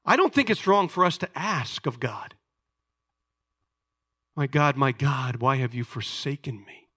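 A male preacher with a high, bright, forceful voice delivers a sermon. He talks conversationally, full of restarts and rhetorical questions, and swings from loud emphasis to hushed asides.

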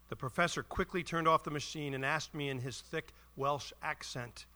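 A man pastor delivers a solemn Good Friday message and prayer in a church. He reads his prepared words earnestly, and his voice is bright and forward. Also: fairly high pitch, moderate pace, hardly any pauses.

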